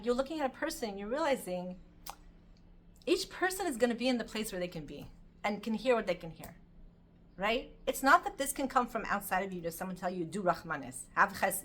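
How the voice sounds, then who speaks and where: A middle-aged woman giving an informal Torah class, telling stories in an animated, chatty way. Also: medium pitch. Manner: animated storytelling, lively and chatty. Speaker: Torah teacher.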